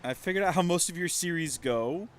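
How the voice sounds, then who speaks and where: Fairly quick and fairly bright, this man's voice sits on the high side as he chats through a let's-play stream. In his thirties, he rambles casually and makes fun of himself.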